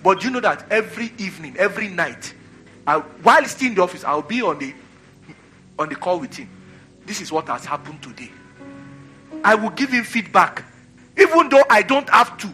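A man preaches with a bright, forceful voice pitched a little high. He drives home his points by repeating phrases and calling for answers from the congregation. Soft music plays faintly behind him. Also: very animated, a little fast. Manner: call-and-response preaching, repeats phrases for emphasis. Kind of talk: sermon.

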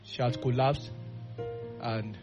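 A man preaching a sermon with fervent delivery, dropping to quiet asides and rising into loud bursts. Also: mid-range voice, steady tone, slow, dull audio, music in the background. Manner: acts out quoted voices.

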